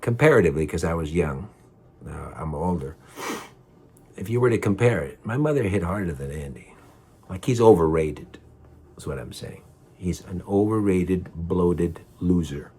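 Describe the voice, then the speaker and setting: Husky low-voiced man telling a heated story. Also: animated, normal speed, warm tone. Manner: heated, rambling, repeats himself, swears. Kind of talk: personal storytelling monologue.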